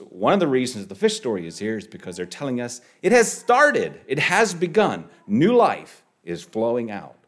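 A man preaching a sermon, halting and repeating words, rising sharply on key phrases. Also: lowish voice, darkish tone.

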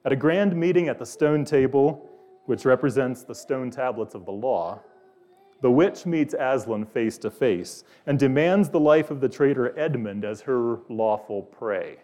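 Mellow-voiced man preaching a sermon. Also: mid-range voice, expressive, measured pace. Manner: earnest preaching, questions posed to the congregation. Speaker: pastor.

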